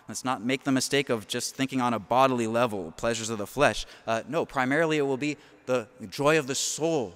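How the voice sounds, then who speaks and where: A man, a priest, giving a homily in an earnest, animated way, with quick asides. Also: medium pitch, clean tone, in a large hall.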